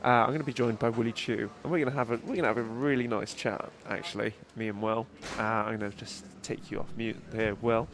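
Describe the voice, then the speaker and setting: A man's voice: fairly low pitch, fairly even intonation, quick pace, few pauses, a bit bright. A young man with a congested, nasal voice, giving live motorsport commentary with dry joking asides. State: congested from allergies. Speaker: race commentator. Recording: faint ambient noise.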